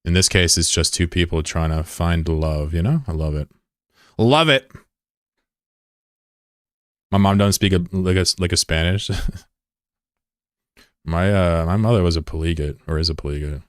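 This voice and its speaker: A deep-voiced man chatting loosely with his viewers while he plays, wandering from thought to thought with lots of "like" and the odd curse. The sound is close and dry, with no room around it. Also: fairly even intonation, normal speed, dry recording. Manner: rambling, curious, filler-heavy and profane. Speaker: game streamer. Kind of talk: casual chat with viewers while gaming.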